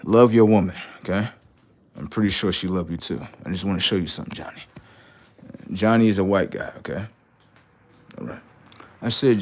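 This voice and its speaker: A man's voice: deep voice, normal speed, pauses often. A man streaming live, rambling through commentary and stories and checking in with "right?" often.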